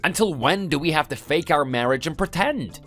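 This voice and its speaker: A text-to-speech voice voicing a whiny, lazy young husband who blusters and then pleads in a text-message story. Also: male voice, on the high side, lively intonation, moderate pace, a bit bright, faint music behind. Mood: pleading. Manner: whining, blustering.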